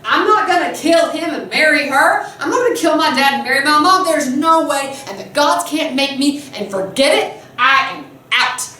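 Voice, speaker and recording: A woman playing a cocky teenage boy hero who won't be told no, blurting his protests in a brash, hurried rush. The voice sits a touch high and carries through a very echoey room, heard from some distance off. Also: expressive, bright, forceful tone, slight background noise. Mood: indignant. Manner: brash, indignant, fast. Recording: echoey room, mic far off.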